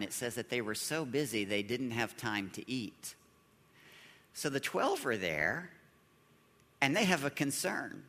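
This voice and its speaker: Animated male preacher in a reverberant hall. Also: mid-range voice. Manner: animated preacher, acting out speakers in the story with a joking tone. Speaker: pastor. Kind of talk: sermon.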